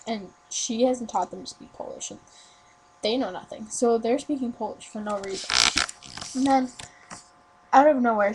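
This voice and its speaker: A woman's voice: on the high side, a little hiss or hum, poor audio. A teenage girl telling a ghost story in a casual webcam video reply, rambling with lots of fillers and self-corrections. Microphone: webcam mic.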